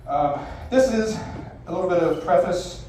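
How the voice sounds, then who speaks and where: A man in his forties works a live bar crowd as a magician, his voice sitting high for a man. His patter is brash, theatrical and salty. The sound is heavily echoey, picked up from well off the mic with a faint hiss behind it. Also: expressive, moderate pace, dark tone, far from the mic. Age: 40s. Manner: brash, profane, theatrical showman. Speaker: stage magician. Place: live bar venue stage.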